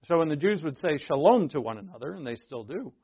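A man with a somewhat high voice teaches a Bible passage verse by verse, talking it through casually and restarting phrases as he goes. The recording sounds dry and a little dull, with no room around him. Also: very animated, quick pace, breathy edge, dry recording. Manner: conversational and digressive, with frequent restarts; explains terms plainly for listeners.

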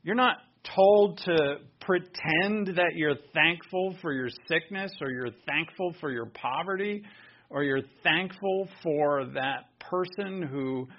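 A pastor preaching a sermon, emphatic and full of rhetorical questions. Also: male voice, fairly high pitch, muffled recording, a little hiss or hum.

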